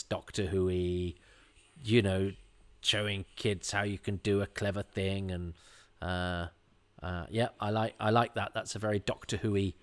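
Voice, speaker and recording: A man with a lowish voice gives a chatty, rambling watch-along commentary on an episode, full of restarts and animated asides.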